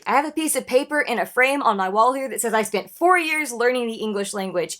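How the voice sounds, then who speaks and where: A woman in her thirties talks through a reaction video in a casual, earnest way, emotional and searching for words as she restarts sentences. Her voice sits a little on the high side. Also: fairly bright tone. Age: 30s.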